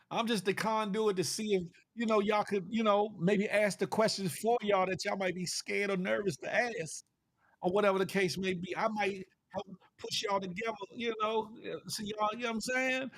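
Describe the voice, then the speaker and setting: A man's voice: high-pitched, steady tone, normal speed, fairly bright tone, dry recording. Teasing man hosting a live chat. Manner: playful, teasing, laughs often. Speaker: livestream host reading chat. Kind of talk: casual livestream chat.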